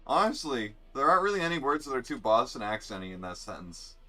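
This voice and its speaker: A man's voice: medium pitch, sing-song, fast talker, pushed and bright. A young man live-streaming a racing game, chatting bluntly and sarcastically with viewers and swearing freely. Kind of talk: casual live-stream chat while gaming.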